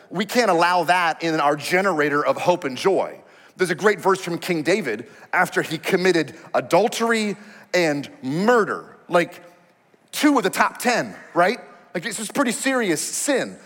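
A male pastor preaches in a high, animated voice that swoops up and down, talking to the congregation in a conversational, emphatic way. His words carry a long reverb from a large hall. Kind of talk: sermon.

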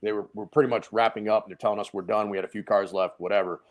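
A man guest on a casual podcast, telling a lively story, acting out the quoted dialogue and laughing along. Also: on the low side, quick pace, muffled recording. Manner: animated storyteller who acts out quoted dialogue; laughs often mid-story. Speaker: podcast guest, dent repair technician. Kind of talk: casual chat.

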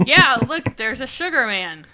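A woman co-hosting a casual toy chat, playful and quick to laugh. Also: sits high, very animated, sharp tone. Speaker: co-host.

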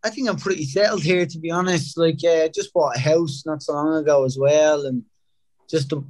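An Irish man in his thirties, a footballer talking casually in an interview, relaxed and full of fillers. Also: a little high, normal speed. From Ireland. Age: 30s. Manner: relaxed, laid-back storytelling with many fillers. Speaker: professional footballer, guest.

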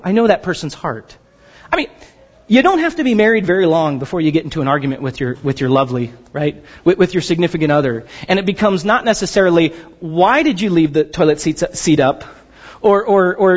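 A man preaching a sermon as pastor, animated and joking, sometimes acting out the voices of the people he quotes. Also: high-pitched, brisk, big-room sound, muffled recording.

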